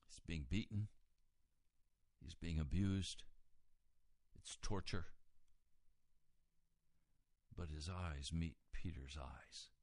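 Low-voiced male preacher, dry sound. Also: drawn-out words, pauses often, dry recording. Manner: builds from quiet reading to loud, high-pitched emphasis. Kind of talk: sermon retelling scripture.

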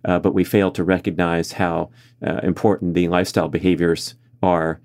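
A man's voice: low-pitched, little pitch movement, moderate pace, darkish tone. A man hosting a podcast, talking through a casual, enthusiastic monologue full of "uh" fillers. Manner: conversational, frequent uh fillers. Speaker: podcast host.

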